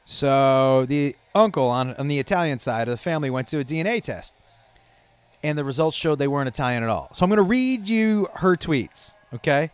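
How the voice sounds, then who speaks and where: A man hosting a comedy podcast, telling stories in a profane, animated way and laughing at his own jokes. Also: on the high side, a little fast, smooth. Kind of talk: casual comedic monologue. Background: faint rock music playing.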